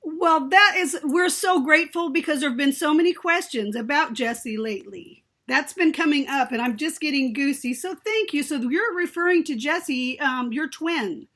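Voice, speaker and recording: A woman hosting a casual chat, excitable and gushing, with frequent exclamations. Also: high voice, normal speed, hardly any pauses. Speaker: host.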